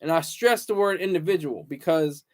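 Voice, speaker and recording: A man hosting his own talk show, speaking in a halting, rambling way with lots of repeated words and fillers, earnest and reflective. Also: high voice. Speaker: show host. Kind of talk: solo talk-show monologue.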